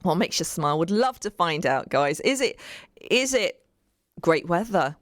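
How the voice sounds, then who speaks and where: A woman's voice: on the low side, animated, unhurried, no room sound, studio quality. A woman hosting a community radio show, chatting in an upbeat, rambling way with many fillers. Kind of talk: casual radio chat.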